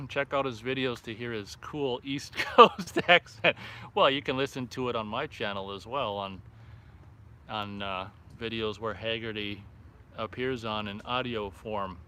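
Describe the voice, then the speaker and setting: Bright-voiced man reading chat aloud. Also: fairly low pitch, measured pace, slight background noise. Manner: reads viewer comments aloud, then reacts offhandedly. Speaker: livestream host reading chat. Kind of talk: casual live-stream chat. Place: outdoors by a fire at night.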